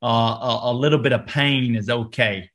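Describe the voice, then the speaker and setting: Relaxed Southern American man. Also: mid-range voice, moderate pace. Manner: relaxed, many fillers and restarts. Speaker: actor, podcast guest. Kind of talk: interview, casual talk.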